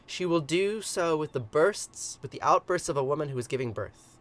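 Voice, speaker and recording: A man hosting a morning livestream, reading an old myth aloud and chatting with viewers, hesitant with many ums and quick to chuckle. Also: fairly high pitch, lively intonation, a bit bright. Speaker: livestream ritual host. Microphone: livestream computer mic.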